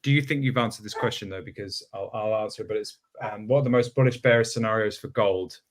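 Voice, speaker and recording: A man reading listener questions aloud on a podcast, halting and stumbling over names as he goes. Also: fairly low pitch.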